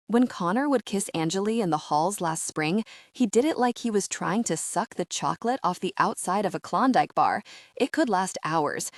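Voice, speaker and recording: A woman reading a first-person audiobook in a soft, measured, intimate manner, recorded close on a studio mic. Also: lowish voice, no room sound. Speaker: audiobook narrator.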